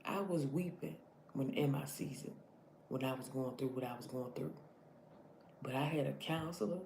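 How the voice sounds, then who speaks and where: Woman, 30s, motivational vlogger: gravelly, mellow tone, preachy and earnest, echoey room. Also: extremely low pitch, normal speed, a little hiss or hum. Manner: earnest, preachy, repeats "listen to me". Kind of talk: motivational talk.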